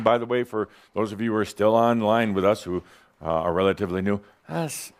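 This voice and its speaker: A man's voice: fairly low pitch, normal speed, darkish tone. A man giving a playful, provocative spiritual teaching talk to a live audience in a workshop room, laughing often.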